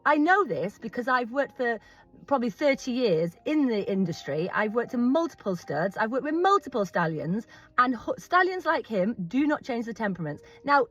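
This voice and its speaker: Firm, emphatic middle-aged British woman. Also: on the high side. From Britain. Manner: firm and emphatic, repeating her points. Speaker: horse owner. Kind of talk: vlog monologue.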